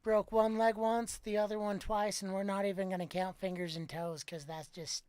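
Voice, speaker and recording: Man, rodeo cowboy, easygoing jokes, fairly high voice, dry sound. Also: little pitch movement, normal speed, darkish tone, smooth, no echo. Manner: joking, easygoing. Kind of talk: casual chat.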